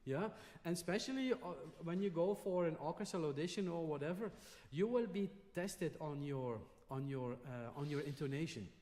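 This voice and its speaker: A man's voice: on the high side, lively intonation, moderate pace, hardly any pauses, dark tone. Patient male trumpet teacher, reverberant hall. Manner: patient, frequently checks in with "yeah?". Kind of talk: masterclass coaching.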